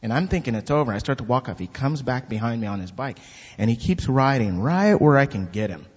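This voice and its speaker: A man giving a spoken testimony at church, animated and acting out the voices in his story. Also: mid-range voice, a little fast, breathy edge. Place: church hall. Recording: dull lo-fi recording with long hall reverb.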